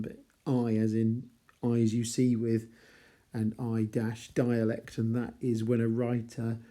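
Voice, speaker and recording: A man's voice: mid-range voice, dark tone. A man teaching a novel chapter by chapter in a conversational, wry way with chatty asides. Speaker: literature teacher. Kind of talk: casual chapter-by-chapter novel analysis.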